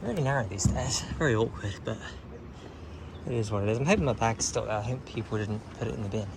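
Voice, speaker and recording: This is a fast-talking man with a lowish, gravelly voice, narrating a casual walking vlog to his camera. He mutters asides to himself on an outdoor hill walk, where nearby traffic adds to the noisy background.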